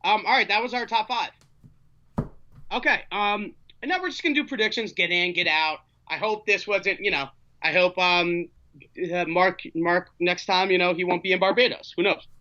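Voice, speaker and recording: A man hosting a casual sports talk show, playful and halting, with many fillers. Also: high-pitched, bright, forceful tone, muffled recording. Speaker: host.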